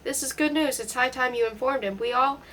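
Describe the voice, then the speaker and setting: A blustering, self-important prison director, read by a woman in an audiobook, bossing people around with jovial bluster. The voice sits a little higher than usual and there is a faint hiss of background noise. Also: a little fast, a bit bright.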